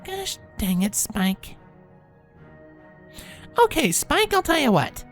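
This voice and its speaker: A prim, bookish young mare with a precise, slightly impatient way of speaking, as a woman acts her out. Her voice sits far higher than a grown woman's. It swings widely in pitch. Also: wildly swooping pitch, moderate pace, soft background music. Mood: fond. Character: young female unicorn, prim, bookish, exasperated. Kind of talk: fan fiction reading.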